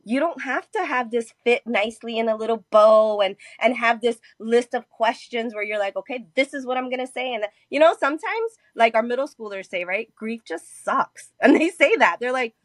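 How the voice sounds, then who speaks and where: A woman's voice: a little high, expressive, moderate pace, few pauses, no room sound. Earnest woman, dry close sound. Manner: warm, earnest, often adds "right?" and "you know". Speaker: guest from a grief support nonprofit. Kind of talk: conversational interview.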